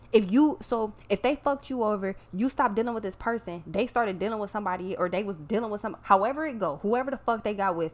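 A woman giving a casual tarot reading, talking bluntly and emphatically with plenty of swearing. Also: mid-range voice. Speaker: tarot reader.

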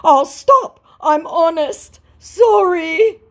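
A woman voicing a pleading young male online scammer, reading his messages in a mocking, drawn-out way. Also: extremely high pitch, animated, a bit bright, pitched above the performer's own voice, full character voice.

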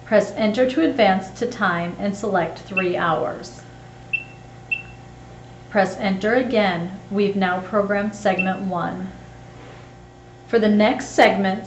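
A woman giving scripted, step-by-step instructional narration in a clear, measured way. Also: medium pitch, echoey room, background noise.

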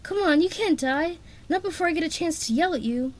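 A woman voicing a young female dragon, calling out in a high, urgent voice in a storybook reading. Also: lively intonation, fairly quick. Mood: pleading. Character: young female sea dragon, desperate and brave.

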